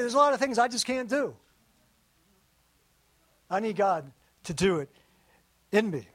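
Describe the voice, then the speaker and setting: High-voiced preaching man, chatty. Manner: conversational preaching, drops to soft emphasis on key lines. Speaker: pastor. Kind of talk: sermon.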